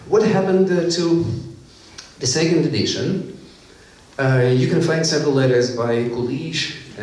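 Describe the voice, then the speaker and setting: A man's voice: medium pitch, darkish tone. A man giving an academic conference lecture, explaining points from his slides. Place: conference hall. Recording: echoey hall, mic far off.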